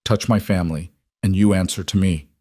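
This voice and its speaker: A grim war veteran living in the mountains, calm and deadly, as a male narrator voices him. The voice stays low and steady, recorded dry and close. This is a western audio drama. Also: a little fast, no room sound. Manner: calm, menacing.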